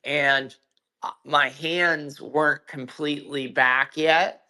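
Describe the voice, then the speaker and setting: A man's voice: on the high side, fairly even intonation, slow, bright, forceful tone. A man telling a personal story in casual chat on an audio call, profane and emphatic, with frequent restarts. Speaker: guest. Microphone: own mic on a social audio call.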